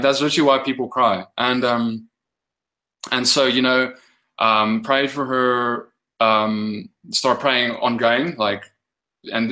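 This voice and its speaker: Speak as a man of middle pitch, telling your story loosely with plenty of "um" and "like" and restarting your sentences as you go. When you reach the prayers, harden into firm, commanding authority, then drift back into easy, rambling talk. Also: bright, forceful tone, low-quality recording. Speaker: guest minister. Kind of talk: casual testimony and teaching.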